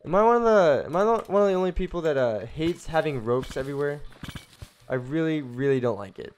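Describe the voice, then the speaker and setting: A fairly high-voiced young man chats his way through a video game stream, rambling from one thought to the next. He bursts into excited exclamations and trips over his own sentences. Faint game music plays underneath his voice. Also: fairly quick, clear, resonant tone. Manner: chatty and rambling, with excited exclamations and self-interruptions. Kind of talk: casual gameplay commentary.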